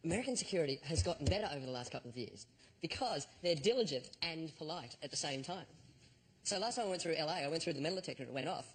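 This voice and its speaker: A man's voice: a little high, lively intonation, very fast, a bit bright, slightly rough, poor audio. A man on a comedy panel, telling a self-deprecating anecdote in a chatty storytelling way. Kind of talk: comic storytelling. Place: TV studio with audience.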